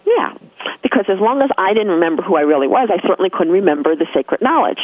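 A woman's voice: mid-range voice, very animated, fast talker, breathy edge, no echo. A woman with a New York accent, telling a personal spiritual story as an interview guest, earnest and emphatic with frequent restarts. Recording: tinny phone line, dry.

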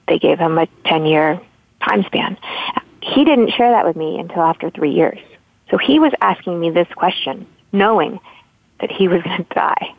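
Her voice is lowish and creaky, with no echo, over a tinny, dry phone connection. She's a Southern California woman calling in as a guest, rambling warmly through her story with many restarts during a casual interview.

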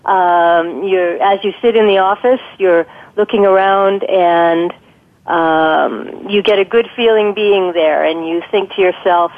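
A woman's voice: mid-range voice, unhurried. Woman, guest expert, phone-line sound, tinny, thoughtful, explanatory, frequent ums. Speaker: guest expert on guided imagery. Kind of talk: conversational interview advice. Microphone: telephone.

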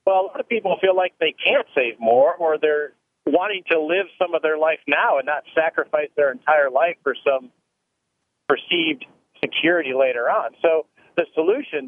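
A man speaking as a guest in a phone interview, explaining retirement planning thoughtfully and often restarting his sentences. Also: on the high side. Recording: tinny phone line.

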